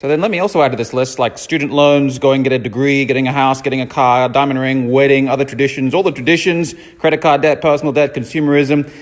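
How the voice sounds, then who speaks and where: A man's voice: mid-range voice, steady tone, quick pace, hardly any pauses, long reverb tail. A man giving a casual mini money lesson for his social media stories, blunt and emphatic, swearing freely. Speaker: entrepreneur teaching money lessons.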